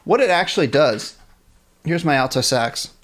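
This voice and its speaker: Male music teacher, live stream band class, slightly high voice, counts off rhythms, talks to the chat. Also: lively intonation, moderate pace, a bit bright.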